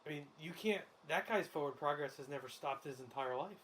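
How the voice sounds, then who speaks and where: Excitable man hosting a betting show. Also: a little high, fairly quick, slight background noise. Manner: excitable, laughs often. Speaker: host. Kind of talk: casual sports betting commentary while watching a game.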